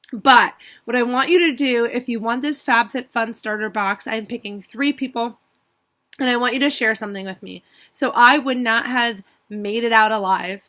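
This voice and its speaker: A young beauty vlogger with a fairly high, sharp-toned voice speaks earnestly and tearfully to her viewers in an emotional personal vlog. Every so often she apologizes for rambling.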